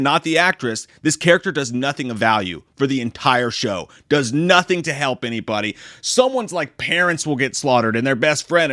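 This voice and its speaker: A man's voice: on the high side, a bit bright, dry recording, clean studio sound. A man ranting through a TV series review, exasperated and sarcastic, swearing constantly. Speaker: movie reviewer. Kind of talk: profane comedic review rant.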